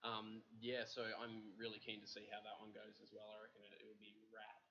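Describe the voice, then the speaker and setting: A man's voice: lowish voice, monotone, a little fast, gravelly, a crowd in the background. A man co-hosting a livestream, chatting in a laid-back, slangy way. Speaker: co-host. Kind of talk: casual chat. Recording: dull lo-fi livestream audio with faint noise.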